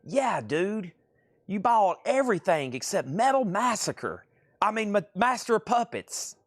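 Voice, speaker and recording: A man voicing a laid-back surfer-dude male guitarist, drawling and casual in a quick impression. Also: high-pitched, big pitch swings, no room sound, studio quality, pitched above the performer's own voice, full character voice.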